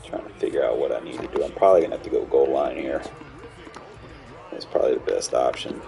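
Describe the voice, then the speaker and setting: Man, very deep voice, gravelly, frustrated casual gameplay commentary, swears. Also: fast. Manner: frustrated, swears, yells at players. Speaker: gamer commentating his own play.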